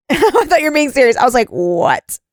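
A woman's voice: high-pitched, sing-song, normal speed, no room sound, studio quality. A woman hosting a casual podcast chat, agreeing often and reading plot summaries aloud with many "like"s. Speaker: podcast host.

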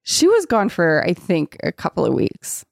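A woman's voice: lowish voice, wildly swooping pitch, normal speed, creaky, dry recording, clean studio sound. A woman in casual chat recapping a book, sarcastic and swearing freely as she acts out the characters' lines.

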